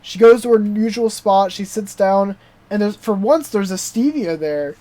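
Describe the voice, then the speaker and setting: In a casual podcast chat, a young adult male co-host recaps a TV show with excitement, cursing often and leaning on "dude" and "like." He speaks at a moderate pace in a high-sitting voice.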